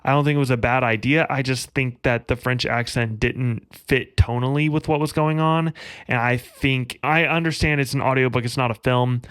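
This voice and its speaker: A man's voice: medium pitch, steady tone, a bit bright, smooth, dry recording. A man giving a casual, enthusiastic book review on his own channel, talking earnestly. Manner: enthusiastic, earnest, speeds up and slows down while talking.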